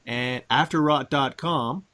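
A man's voice: medium pitch, takes it slowly, sharp tone. A man hosting an online show, chatting casually and joking as he rambles. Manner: jokey, rambling. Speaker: podcast host. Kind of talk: casual chat.

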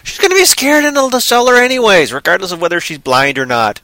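A man rants in a casual podcast chat, sarcastic and worked up. His voice sits high and bright and swings widely in pitch. The sound is close and dry. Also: fast, no room sound. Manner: animated, ranting, sarcastic. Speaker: movie reviewer.

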